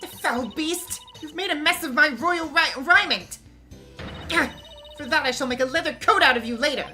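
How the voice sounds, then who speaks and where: A man's voice: sits high, animated, brisk, pushed and bright, pitched above the performer's own voice. A man voicing a haughty young royal who speaks in a formal, condescending way, with game music behind. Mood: outraged.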